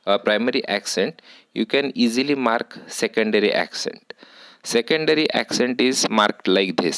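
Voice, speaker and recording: A man giving a university lecture, explaining slowly and deliberately with frequent pauses. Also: fairly low pitch, fairly bright tone, no room sound, poor audio. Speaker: English lecturer.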